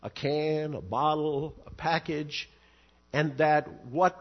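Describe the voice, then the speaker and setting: Husky, emphatic male preacher, slow delivery. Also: fairly high pitch, steady tone, muffled recording. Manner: earnest, emphatic, rising to stress key words. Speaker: pastor. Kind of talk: expository sermon.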